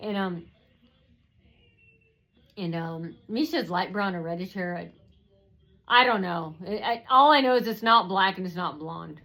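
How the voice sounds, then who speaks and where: A woman's voice: fairly low pitch, measured pace, long pauses, sharp tone, low-quality recording. Rambling woman telling a story. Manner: hesitant, many fillers and restarts.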